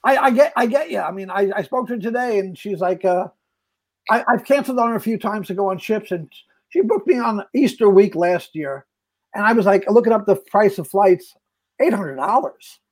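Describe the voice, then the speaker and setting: A man, an actor and comedian, telling set stories in casual chat, animated and full of stammered restarts. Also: sits high, moderate pace. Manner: animated, acts out quoted voices, stammering restarts.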